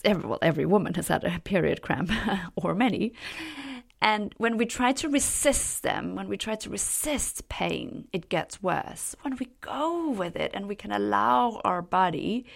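A middle-aged woman hosting a solo podcast as a leadership coach, talking earnestly and passionately, with soft laughs and breathy asides. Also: on the low side. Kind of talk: reflective solo podcast talk.

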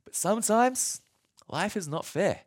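A man's voice: sits high, unhurried. A male pastor preaching a sermon, retelling a story and acting out scenes. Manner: animated, acts out scenes.

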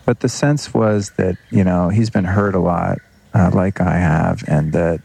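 Man, podcast host, very low voice, husky, earnest rambling monologue, casual swearing. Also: fairly even intonation, measured pace, warm tone. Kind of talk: unscripted reflective monologue.

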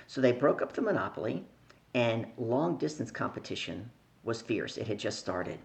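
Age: middle-aged. Sex: woman. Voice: gravelly, animated storyteller. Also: extremely low pitch, normal speed. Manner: animated storyteller who acts out voices and asks the listener questions. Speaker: guest, sales coach. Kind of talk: storytelling in a podcast interview.

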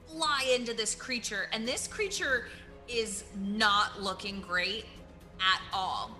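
A woman's voice: medium pitch, expressive, slow pace, bright, forceful tone, soft background music. A woman narrating as game master of a tabletop game, telling the action vividly with frequent giggles.

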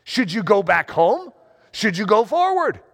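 A man preaching a sermon, talking in a lively, conversational way with self-deprecating asides. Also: sits high, a little slow, long reverb tail. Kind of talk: sermon with story reading.

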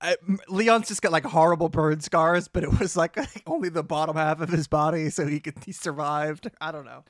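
Chatty higher-voiced man recapping a show. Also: fairly even intonation, moderate pace, few pauses, dry recording, clean studio sound. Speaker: podcast co-host. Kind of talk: casual recap chat.

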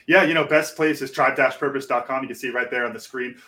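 A man's voice: medium pitch, steady tone, quick pace, pushed and bright. A man who coaches people on finding their purpose, talking earnestly and encouragingly as a podcast guest. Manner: earnest, encouraging, many fillers. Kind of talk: casual interview chat.

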